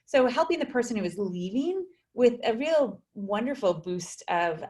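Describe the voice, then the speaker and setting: A woman's voice: fairly high pitch, big pitch swings, normal speed, few pauses, a little mellow. A woman psychologist, a guest in a video interview, speaking thoughtfully with frequent fillers and restarts.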